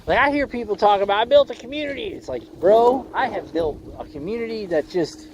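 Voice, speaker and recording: Man, jokey fishing-stream host, high voice, light wind noise, small boat on a lake. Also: sing-song, fairly quick, creaky, darkish tone. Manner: slangy, rambling, jokey, says "bro" and "boys" a lot. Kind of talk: casual livestream chat while fishing.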